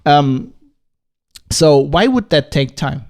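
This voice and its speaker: A man's voice: on the high side, lively intonation, slow pace, darkish tone. Irritated German-accented man podcasting. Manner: agitated, profane, rhetorical questions. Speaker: podcast host. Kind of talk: casual solo commentary.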